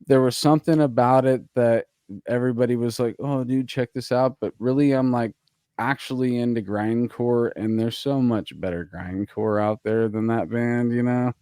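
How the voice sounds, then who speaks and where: A man's voice: medium pitch, steady tone, moderate pace, dark tone, clear, resonant tone, dry recording, clean studio sound. Tipsy laid-back man saying "dude". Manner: laid-back, laughing, says "dude" a lot. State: tipsy from drinking. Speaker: podcast host. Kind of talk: casual chat.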